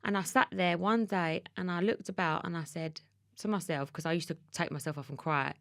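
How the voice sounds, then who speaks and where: A woman's voice: on the low side, steady tone, brisk, vocal fry, no room sound, clean studio sound. A woman in her thirties with an Essex accent, a podcast guest telling a personal story in an emotional, tumbling way with restarts. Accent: Essex English. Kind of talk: candid conversational interview.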